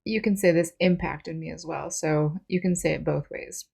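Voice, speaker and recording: Lower-voiced woman teaching English vocabulary. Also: moderate pace, creaky, mellow, husky. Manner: patient, explains step by step with examples. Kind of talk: vocabulary lesson.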